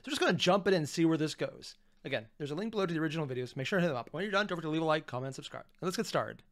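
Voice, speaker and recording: A man hosting a reaction video, excitable and rambling, with self-deprecating asides, on a close mic. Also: on the high side, rapid-fire, dry recording. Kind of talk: reaction commentary.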